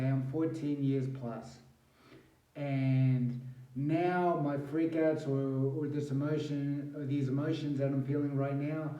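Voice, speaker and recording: A man's voice: on the high side, mellow, distant mic, highs cut off. A man talking bluntly and candidly in a vlog, swearing heavily and rambling as he vents his frustration. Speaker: vlogger sharing brain injury recovery. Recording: roomy echo, voice a bit off-mic.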